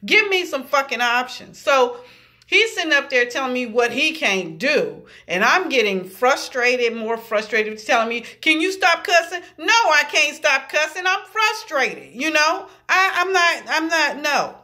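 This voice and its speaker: A woman's voice: high-pitched, expressive, unhurried, bright, forceful tone. A woman ranting heatedly about a bad customer service visit, swearing freely and acting out what each person said. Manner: heated, swearing freely, quoting people in voices. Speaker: vlogger. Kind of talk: angry storytelling rant.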